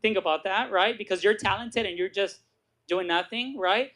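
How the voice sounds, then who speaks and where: A middle-aged man giving a motivational talk to a live audience, telling his story with lively acted-out voices and asking "right?" again and again. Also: sits high, moderate pace. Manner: animated storytelling, acts out quoted voices, keeps asking "right?". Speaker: guest speaker. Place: meeting room with audience.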